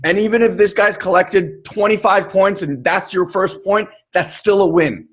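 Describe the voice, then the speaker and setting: A man's voice: sits high, normal speed. A man coaching in a live webinar, speaking emphatically and casually, with occasional swearing. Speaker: life coach.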